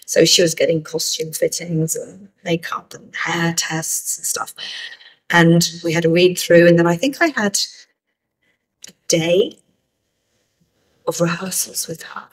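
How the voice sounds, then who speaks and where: Woman director, middle-aged, husky, reflective interview answers with many restarts. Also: lowish voice, steady tone, a little slow, pauses often, low-quality recording. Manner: thoughtful, hesitant with restarts. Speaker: film director. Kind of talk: festival interview.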